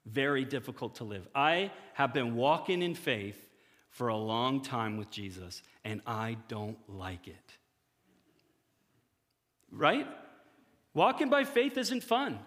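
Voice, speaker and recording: A male pastor giving a conversational sermon to his church, often acting out quick imagined dialogues. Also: fairly high pitch, a bit bright, big-room sound.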